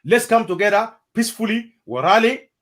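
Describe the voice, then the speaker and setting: A man's voice: high voice, animated, brisk, a bit bright. A man with a South Sudanese accent hosting a heated debate, talking with passion and repeating himself for emphasis.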